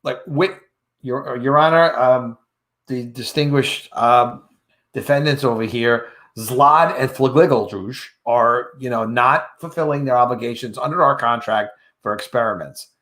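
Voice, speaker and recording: A fumbling lawyer who tries to sound formal in court but keeps halting on ums, as a man acts him out. His tone stays close to an everyday speaking voice. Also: medium pitch, fairly bright tone, voice pushed down, lightly acted.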